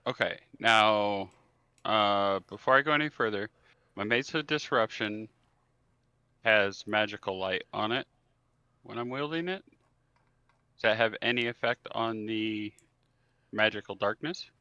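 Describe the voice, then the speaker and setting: Player, man, bright forceful tone, hesitant, dry dull mic. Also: lowish voice, measured pace, pauses often, smooth, no echo. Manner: hesitant, lots of restarts. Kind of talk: casual tabletop game play.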